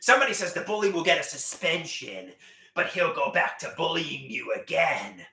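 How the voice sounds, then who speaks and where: A man in his thirties streaming live, singing, rapping and shouting comic songs. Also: fairly high pitch, big pitch swings, moderate pace, reverberant. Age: 30s. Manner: sings, raps and shouts with big swings. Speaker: livestreaming singer and comedian. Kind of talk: comic songs and raps on a livestream.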